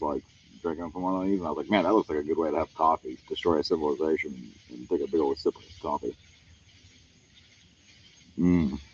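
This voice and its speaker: A paranormal livestream host wanders a wooded camp at night, chatting casually and rambling to his viewers in a laid-back way as crickets chirp. His low voice is a little mellow, and the audio has its highs cut off along with a bit of hiss or hum.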